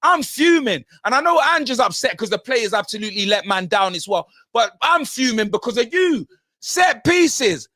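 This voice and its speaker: A man in a furious, shouting football rant, his voice high and lively. The flies fast and his delivery stays heated throughout. The sound is dry and close. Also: no echo. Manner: ranting, shouting, heavy slang. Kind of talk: angry football fan rant.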